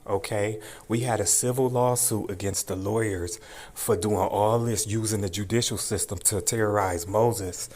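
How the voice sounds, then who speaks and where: A man's voice: fairly low pitch, fairly even intonation, normal speed, a little mellow. A man hosting a commentary video, ranting in a furious, profane and taunting way, repeating his threats over and over. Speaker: channel host.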